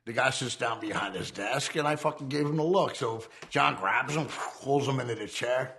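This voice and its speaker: Gravelly streetwise man telling stories. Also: mid-range voice, moderate pace, a bit bright, slight background noise. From United States. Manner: profane, streetwise, acts out dialogue. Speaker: former outlaw biker telling his story. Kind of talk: casual storytelling interview.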